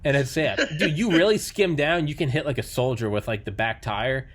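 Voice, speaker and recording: A man's voice: medium pitch, fairly quick. Rambling, profane man chatting casually. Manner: rambling, profane, many fillers and restarts. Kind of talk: casual chat.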